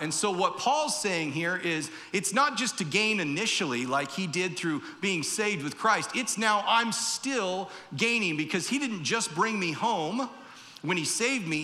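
High, bright-voiced man preaching. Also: big-room sound. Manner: conversational, acts out quoted voices. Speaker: pastor. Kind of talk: sermon. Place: church.

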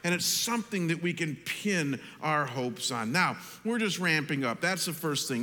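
An American man preaching a sermon as pastor, animated, climbing loud on his questions and slowing down to stress points. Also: a little high. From United States. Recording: long reverb of a large hall.

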